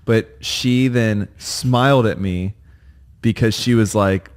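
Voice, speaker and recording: A man co-hosting a podcast speaks slowly in a lowish voice. In this casual chat he tells stories playfully, teasing and laughing often.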